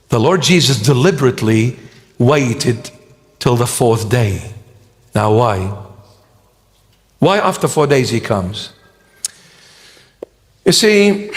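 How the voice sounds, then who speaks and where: A man preaching a sermon to a congregation in a church. He speaks in a dramatic way and acts out the scripture quotes. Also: medium pitch. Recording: long church hall reverb.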